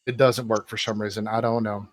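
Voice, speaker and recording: A man running a tabletop game as game master, explaining rules in a halting way full of fillers. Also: lowish voice, level tone, no room sound.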